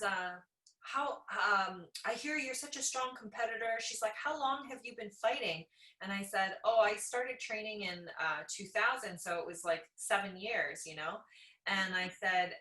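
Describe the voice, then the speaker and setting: Bright-voiced Canadian woman telling stories. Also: medium pitch, normal speed. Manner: animated storyteller, laughs often. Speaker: podcast guest, jiu-jitsu black belt. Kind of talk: casual conversation. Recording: echoey room.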